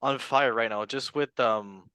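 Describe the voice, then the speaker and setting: A man's voice: mid-range voice, unhurried, clean tone, no echo, studio quality. Chatty man hosting a football podcast. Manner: animated, chatty, repeats himself. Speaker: podcast host. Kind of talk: casual sports chat.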